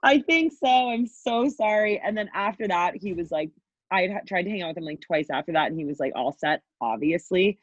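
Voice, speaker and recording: A woman's voice: deep voice, quick pace, husky, no echo. A woman in her twenties, a podcast guest, telling a wild dating story casually, swearing freely and acting out what people said. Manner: candid, swears freely, acts out quotes. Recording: dry, dull lo-fi sound.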